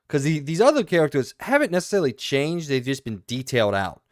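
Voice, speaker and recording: A man's voice: fairly high pitch, fast, no echo. Dry-sounding man co-hosting a podcast. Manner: animated, talks in long flowing runs. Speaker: video game podcast co-host. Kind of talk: casual review discussion.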